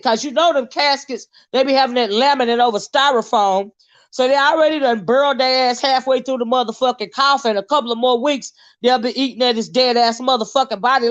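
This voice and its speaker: A woman hosting a YouTube commentary show, ranting in a blunt, loud, heavily profane way. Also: sits high. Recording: dull lo-fi sound.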